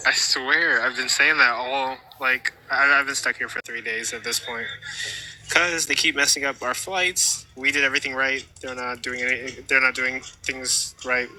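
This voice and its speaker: A man's voice: mid-range voice, steady tone, normal speed, sharp tone, a little hiss or hum, low-quality recording. A man on a call from an airport, chatting casually and complaining wearily. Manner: weary, complaining.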